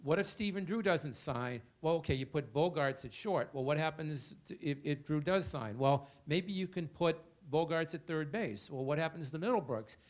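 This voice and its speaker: A man's voice: fairly high pitch, animated, normal speed, few pauses. A man on a panel analyzing baseball, firing off rhetorical questions in an argumentative way. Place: hotel event room.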